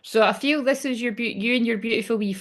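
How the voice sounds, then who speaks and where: A woman's voice: a little high, fast talker. A woman giving a live spiritual card reading, chatty and chipper as she talks straight to her viewers.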